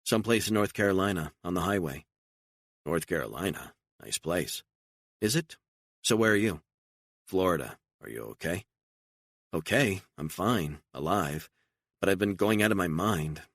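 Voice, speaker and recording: A frightened, emotional woman on the run, as a deep-voiced man narrator puts her on in an audiobook. She pleads and protests in disbelief, lifting her pitch high above his gravelly baseline. The sound is close and dry. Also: animated, normal speed, long pauses, dry recording. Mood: anxious. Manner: pleading, incredulous, raising voice.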